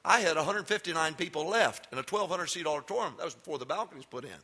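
An older man, a pastor giving a sermon that swings from loud emphatic preaching to folksy storytelling. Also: a little high, animated, fast talker, breathy edge. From Texas.

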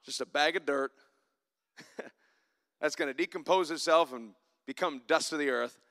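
A man preaching a sermon in church, climbing to loud emphatic passages and dropping to soft, reflective asides. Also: a little high, measured pace. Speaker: pastor.

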